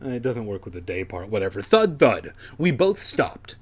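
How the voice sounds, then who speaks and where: A man's voice: fairly low pitch, sing-song, normal speed. A man reading a children's horror book aloud for comedy, with irreverent, swearing asides. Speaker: reader.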